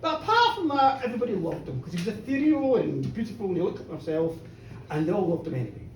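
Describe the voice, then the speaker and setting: A woman telling a folk tale live, animated, chatty and playful. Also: mid-range voice, fast. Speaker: storyteller. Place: pub storytelling show, indoors. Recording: roomy bar, distant mic, faint noise.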